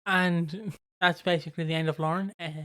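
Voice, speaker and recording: A co-host chatting loosely on a soap podcast, drifting from one story to the next and swearing without a second thought. The voice is smooth and clean, sitting at a middling pitch. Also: steady tone, brisk, fairly bright tone. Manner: rambling storyteller, swears freely. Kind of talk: casual chat.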